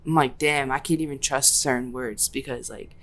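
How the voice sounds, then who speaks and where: A woman's voice: very deep voice, steady tone, moderate pace, a bit bright. A young woman hosting a podcast, telling a story in casual slangy chat and acting out her own quotes. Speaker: podcast host.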